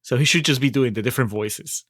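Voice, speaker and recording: A man's voice: mid-range voice, fast talker, a bit bright, no room sound, studio quality. A man co-hosting a podcast, picking apart a film with laughing, critical banter. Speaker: podcast co-host. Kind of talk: casual film discussion.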